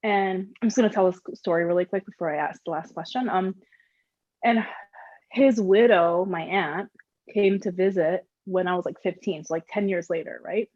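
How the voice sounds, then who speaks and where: A woman interviewing a guest in casual conversation, chatty and lively, with many "like" fillers. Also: lowish voice, normal speed, no room sound, muffled recording.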